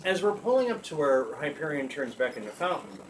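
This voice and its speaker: A man hosting a talk show, telling a comic story in an animated way, often laughing as he talks and swearing freely. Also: a little high, a little fast, slight background noise. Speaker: podcast host. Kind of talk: comedic storytelling.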